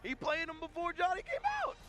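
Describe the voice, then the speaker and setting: Excitable high-voiced esports caster. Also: male voice, fairly quick, soft background music. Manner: excitable, hype-driven, joking with co-caster. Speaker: fighting game commentator. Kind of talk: esports play-by-play commentary.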